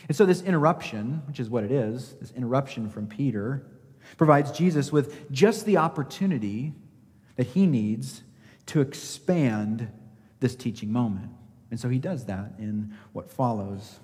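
A man's voice: mid-range voice, expressive, moderate pace, a little mellow. A male pastor delivers a sermon with emphasis, pressing rhetorical questions on his congregation and acting out the lines of scripture. His mid-range voice carries a long reverb from a large sanctuary.

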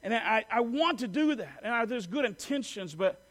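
A man's voice: very high voice, animated, normal speed, a bit bright. A male pastor giving a sermon in a conversational way, with fillers and self-corrections, and leading the congregation in call-and-response.

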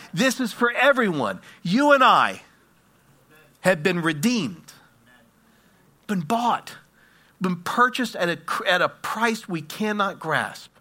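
A man preaching a sermon, telling stories dramatically and swinging from hushed tones to loud ones. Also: high-pitched, big pitch swings, slow.

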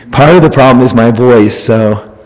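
A pastor, a man, runs a relaxed mic check in a church sanctuary, counting slowly and joking with the people near him. His voice sits at an ordinary middle pitch and rings with a long hall reverb. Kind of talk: casual sound check before a sermon.

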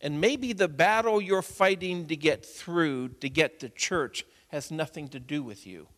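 A man's voice: on the high side, lively intonation, a little slow. Man preaching a sermon in an echoing church. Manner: builds from quiet storytelling to loud urgent preaching. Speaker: pastor. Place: church sanctuary. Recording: long hall reverb.

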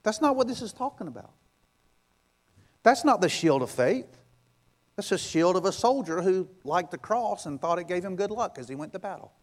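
High-voiced emphatic male pastor preaching. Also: animated, normal speed. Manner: emphatic, repetitive, rhetorical questions; swings between loud and hushed. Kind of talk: sermon.

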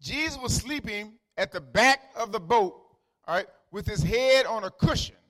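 High, bright-voiced preacher with dialect. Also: male voice, lively intonation, normal speed. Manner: conversational, repeats words, calls out to listeners by name; swings from quiet asides to loud emphatic lines. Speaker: pastor. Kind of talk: sermon.

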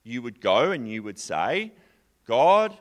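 A man giving a conversational sermon, chatty and animated, sometimes acting out a distressed psalmist's prayers. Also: medium pitch, unhurried. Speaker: preacher.

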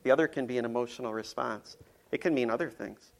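A man's voice: mid-range voice, quick pace, vocal fry. A man preaching a casual, conversational sermon, playful and full of ums and restarts. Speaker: pastor.

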